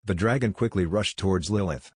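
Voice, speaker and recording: A man narrating a comic story recap in a steady, even way. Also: low-pitched, a little fast, husky, no echo, studio quality.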